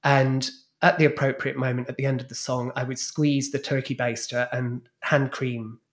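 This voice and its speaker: Here a mid-range male voice at a moderate pace belongs to a podcast guest who used to DJ in clubs and perform in drag. He tells his stage-act stories frankly, bawdily and with plenty of animation.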